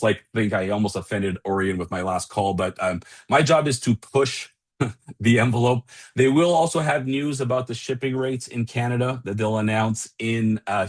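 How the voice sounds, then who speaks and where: A brash man gives an upbeat update on a team call. His voice sits fairly low, and his manner is pushy and excited.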